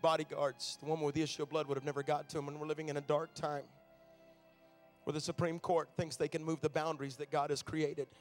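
A man's voice: on the high side, level tone, quick pace, hardly any pauses, soft background music. A man, a traveling minister, preaching a sermon from a stage in a large room, telling stories in a conversational way.

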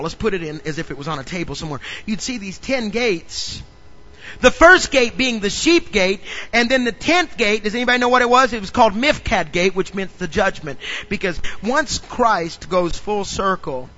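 A male pastor preaching a sermon in an animated way, often questioning the congregation. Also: sits high, moderate pace, highs cut off.

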